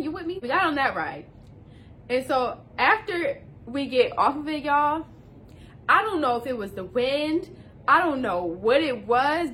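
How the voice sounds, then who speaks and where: A woman's voice: on the high side, a bit bright, slight background noise. A young woman telling a casual storytime, slangy and talking straight to viewers. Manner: slangy, addresses viewers directly.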